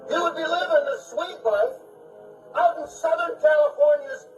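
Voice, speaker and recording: A man playing a sardonic, wisecracking ghost hunter in a film clip, with dry, teasing deadpan quips. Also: extremely high pitch, moderate pace, faint music behind, rough recording. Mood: mocking.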